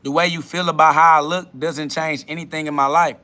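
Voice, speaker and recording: A man's voice: a little high, level tone, a little fast, sharp tone. A man hosting a livestream, answering chat comments in a combative, dismissive way and swearing a lot. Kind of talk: profane spiritual livestream rant.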